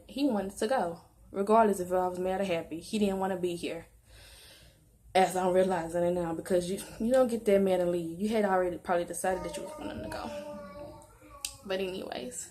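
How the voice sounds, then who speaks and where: A woman's voice: medium pitch, a little hiss or hum. Woman ranting through an upset storytime. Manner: rambling, heated, restarts and asides. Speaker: vlogger. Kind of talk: emotional storytime vlog.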